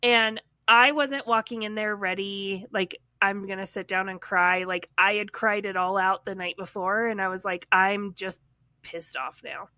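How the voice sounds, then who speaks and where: A woman with a bright, forceful voice speaks frankly in a casual podcast conversation. She is recorded close and dry, with no room sound at all. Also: mid-range voice, steady tone, moderate pace, few pauses, dry recording. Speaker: podcast co-host.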